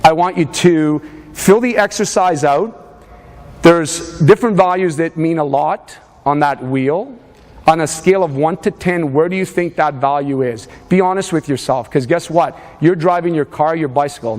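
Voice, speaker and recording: Energetic male fitness coach in a hall. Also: fairly high pitch, moderate pace. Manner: energetic, urging the audience. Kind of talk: motivational seminar talk. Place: hall with a live audience. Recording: reverberant hall.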